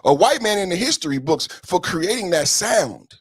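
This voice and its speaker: A man's voice: high-pitched, big pitch swings, moderate pace, breathy edge, dry recording, studio quality. A man hosting a solo podcast, ranting in a heated, emphatic way with frequent profanity. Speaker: podcast host.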